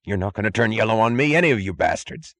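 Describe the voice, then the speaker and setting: A man voicing a blustering male prison chief who yells in frantic panic in an audiobook. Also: sing-song, quick pace, no room sound. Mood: panicked shouting. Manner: shrill, yelling, frantic. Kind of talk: audiobook character voice.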